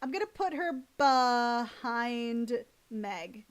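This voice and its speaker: Young woman streamer, high bright voice, rambling and gushing, swears freely. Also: expressive, extremely slow. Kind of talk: casual live-stream chat.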